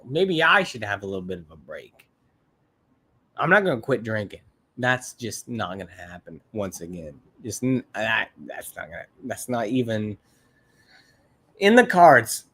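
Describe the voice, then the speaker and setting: A man's voice: mid-range voice, a bit bright. A man hosting a livestream, chatting casually with viewers in a rambling, blunt, profane way and often repeating himself. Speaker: livestream host. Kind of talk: casual chat to live viewers.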